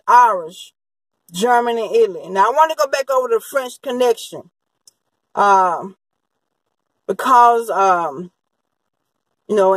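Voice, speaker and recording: A woman's voice: medium pitch, no room sound, rough recording. Rambling woman. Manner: rambling, many fillers and restarts. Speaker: true-crime commentator. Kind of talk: unscripted monologue.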